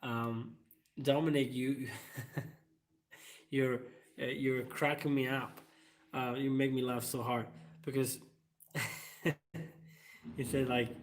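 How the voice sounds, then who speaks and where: A man's voice: mid-range voice, little pitch movement, slow pace, long pauses, slight background noise. A man hosts his own channel in a loose, rambling live-stream chat. He fills his sentences with hesitations and breaks into laughter often. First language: Italian. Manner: rambling, frequent fillers and laughter. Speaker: channel host.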